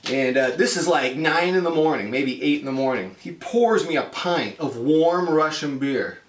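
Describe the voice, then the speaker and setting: A man's voice: on the high side, lively intonation, normal speed, roomy sound, distant mic. A man in his fifties from the United States telling a travel story in a chatty vlog, acting out the people he quotes. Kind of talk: casual spoken storytelling.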